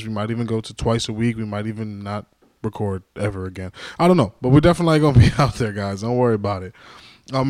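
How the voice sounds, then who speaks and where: In a clean studio with no room sound, a podcast host with a medium-pitched voice talks by himself. The monologue is loose and rambling, with plenty of jokes and self-mockery.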